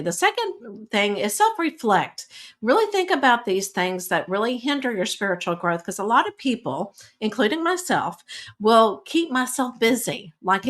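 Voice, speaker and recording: A woman's voice: mid-range voice, fairly bright tone. Chatty woman giving spiritual advice. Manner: conversational, with fillers and "all right?" check-ins. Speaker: spiritual teacher. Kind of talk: casual podcast talk giving advice.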